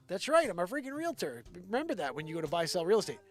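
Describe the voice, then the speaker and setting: Man, live stream host, high voice, excitable swearing rant, faint music behind. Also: very fast, hardly any pauses. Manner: excitable, profane ranting. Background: faint background music.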